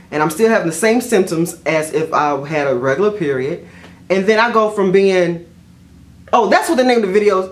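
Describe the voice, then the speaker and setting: A middle-aged woman, telling stories to camera in a chatty, expressive way and often saying "y'all.". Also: medium pitch. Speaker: vlogger. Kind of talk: casual storytelling to camera.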